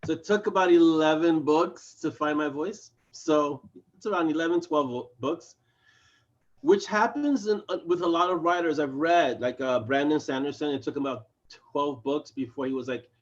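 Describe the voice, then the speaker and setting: Animated man on a dull video call. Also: a little high. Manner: animated, acts out his characters' lines in quick voices. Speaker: fantasy author, interview guest. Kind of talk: casual video chat interview.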